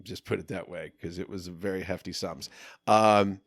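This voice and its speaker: Man, very low voice, dry close sound, casual profane storytelling, animated. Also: normal speed, no echo. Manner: profane, animated storytelling, shouts when reliving moments. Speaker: podcast guest.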